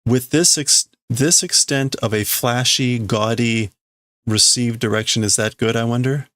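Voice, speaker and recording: On a casual live stream, a man translates a manga aloud as he goes, thinking out loud with hesitation, restarts, and self-corrections. His mid-range voice is fairly bright and fairly even in intonation, unhurried, and captured in a dry recording.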